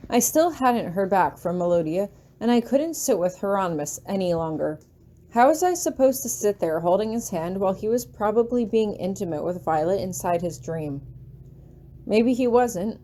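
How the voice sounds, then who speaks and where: A woman narrating a fanfiction audiobook in an expressive first-person storytelling manner. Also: medium pitch. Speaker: audiobook reader.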